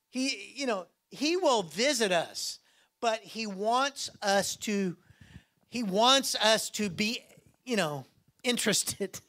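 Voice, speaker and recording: A man preaches to his congregation in a high, ringing voice. He is playful and self-mocking, slipping into little acted-out voices for the people he quotes. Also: sharp tone. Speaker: pastor. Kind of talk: sermon.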